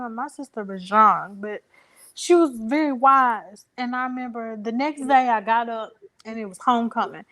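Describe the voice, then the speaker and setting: A young woman telling a personal story as an interview guest, emotional and halting, with many pauses and fillers. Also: a little high, a bit bright.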